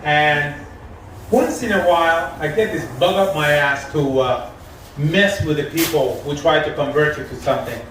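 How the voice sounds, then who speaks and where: A man with a high voice does live stand-up in a lounge. He tells stories deadpan and acts out both sides of each conversation. The sound is very echoey and picked up from some distance, with a faint room hum behind it. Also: moderate pace. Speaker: stand-up comedian. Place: shisha lounge.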